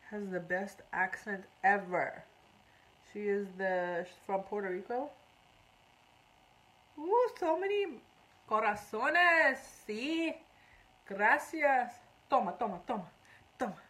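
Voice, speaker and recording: A woman's voice: medium pitch, a bit bright, poor audio. A woman doing a casual live makeup tutorial, chatty, switching between English and beginner's Spanish, with a runny nose. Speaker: makeup artist streaming live.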